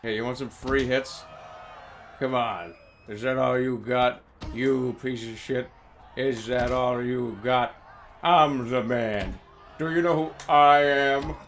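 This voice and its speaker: A man voicing a cocky, macho male fighter who boasts slowly and swaggers. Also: medium pitch, steady tone, fairly bright tone, a little hiss or hum, voice pushed down.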